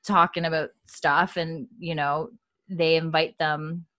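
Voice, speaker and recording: A woman co-hosting a podcast, rambling and animated in casual recap chat. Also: deep voice, takes it slowly, dry recording, clean studio sound. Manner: rambling, animated, laughs often. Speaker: podcast co-host.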